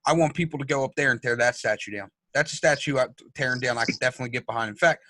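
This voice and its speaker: A man's voice: medium pitch, very fast, pushed and bright, no echo. A man co-hosting a sports podcast in casual chat, blunt and heated, swearing freely as he gives his opinions. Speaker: podcast co-host.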